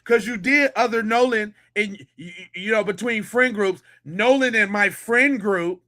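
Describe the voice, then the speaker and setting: A man's voice: sits high, measured pace, sharp tone. A middle-aged man hosting a podcast, giving mocking, incredulous, slangy commentary on a clip.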